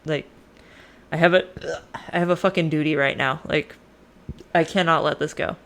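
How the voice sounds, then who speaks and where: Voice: medium pitch, fairly even intonation, normal speed, a bit bright, lightly acted. A storyteller voicing a crude, panicky young king who swears and talks in modern slang. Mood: agitated. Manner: slangy, profane, exasperated.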